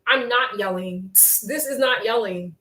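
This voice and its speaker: A young woman hosting a casual livestream from home, reading viewer comments and chatting, with a strong voice that has some bass to it. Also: measured pace, sharp tone, recorded from a distance. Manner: chatty, reads viewer comments aloud, laughs often. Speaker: livestream host. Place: room at home. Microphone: laptop mic. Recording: echoey room, talking from off the laptop mic.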